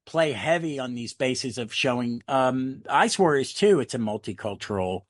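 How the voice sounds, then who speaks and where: An American man co-hosts a podcast, chatting casually and rambling through anecdotes and tangents. His mid-range voice is animated at a moderate pace, recorded in studio quality with no echo.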